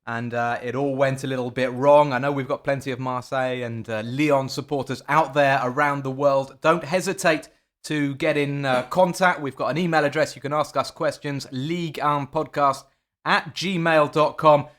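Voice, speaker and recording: A man hosts a football podcast at an ordinary middle pitch. He talks in a loose, chatty way and trips over his words now and then. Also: fairly even intonation, normal speed, a bit bright. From England. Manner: chatty, with frequent fillers and restarts. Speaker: podcast host. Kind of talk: casual football podcast chat.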